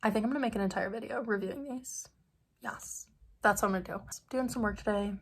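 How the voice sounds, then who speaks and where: A woman's voice: mid-range voice, fast, slight background noise. A young woman, a student, chatting casually into her phone camera in a rambling way with lots of "like". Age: young adult. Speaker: study-abroad student vlogger. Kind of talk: casual vlog chat.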